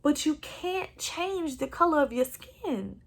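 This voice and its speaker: High-voiced impassioned Texan woman. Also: big pitch swings, slow, vocal fry. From Southeast Texas. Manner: impassioned, earnest. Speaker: podcast host. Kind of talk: solo podcast monologue. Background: no other speakers or sounds.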